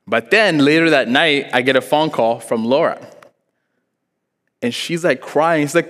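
Pausing often at a measured pace, a young preacher with a fairly high, slightly bright voice delivers a church sermon. His storytelling is casual and peppered with "like," he acts out quotes, and long reverb fills the hall.

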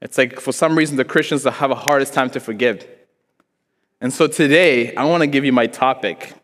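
A man's voice: medium pitch, normal speed, a little hiss or hum. Young man preaching in an echoing hall. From Africa. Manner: animated, joking, acts out voices in his story. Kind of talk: sermon with storytelling. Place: church hall before a congregation. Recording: long hall reverb.

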